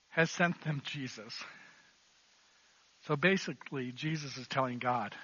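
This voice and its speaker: A man's voice: medium pitch, measured pace, pauses often, sharp tone, slightly rough, no echo, muffled recording. A man preaching a sermon in an earnest, emphatic way, repeating key phrases. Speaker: pastor.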